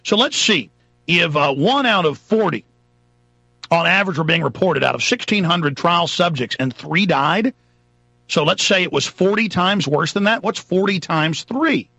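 A man's voice: high-pitched, animated, normal speed, vocal fry, pushed and bright, husky, no room sound, lo-fi sound. A man hosting a talk radio show, delivering a fiery, sarcastic, emphatic monologue into a studio microphone.

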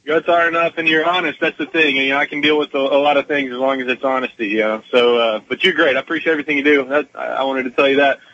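A man's voice: mid-range voice, steady tone, fast, hardly any pauses, sharp tone, slight background noise. A man calling in to a radio show, speaking earnestly and hesitantly with many fillers. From Texas. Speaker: caller. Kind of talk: phone-in call. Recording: lo-fi phone line.

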